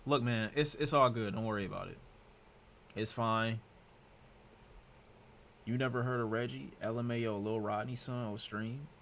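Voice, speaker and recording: A young man from Detroit streaming, talking to his chat in reaction commentary, excitable and profane, dropping to mutters and bursting out loud. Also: mid-range voice, moderate pace, long pauses, slight background noise. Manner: excitable, swearing, jumps from mutters to loud outbursts.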